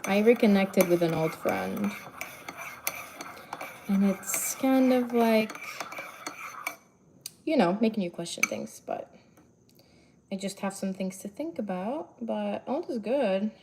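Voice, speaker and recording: A woman's voice: medium pitch, animated, slow pace, pauses often, noisy background. A tired young woman chatting casually to viewers on a livestream from her bedroom, talking to her dog now and then. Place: bedroom at home.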